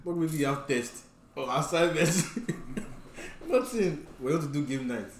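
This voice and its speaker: A man's voice: on the high side, animated, unhurried. A young man co-hosting a podcast, teasing his friends and laughing often in casual banter. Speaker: podcast co-host. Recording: echoey room, distant mic, noisy.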